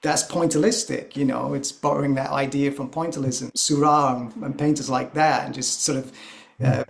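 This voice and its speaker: Brief: male guest, mid-pitched, musing and explanatory, hedges with fillers. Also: steady tone, normal speed, vocal fry. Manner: thoughtful, explanatory, many fillers. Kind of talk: conversational music discussion.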